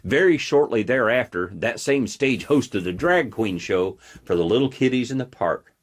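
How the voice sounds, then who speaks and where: A man's voice: medium pitch, expressive, moderate pace. A man hosting his own show, giving a blunt, combative political commentary monologue. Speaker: host.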